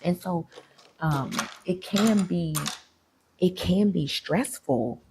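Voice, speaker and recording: A woman vlogger telling a story to her viewers in a chatty, animated way, full of fillers. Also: on the low side, takes it slowly, noisy background.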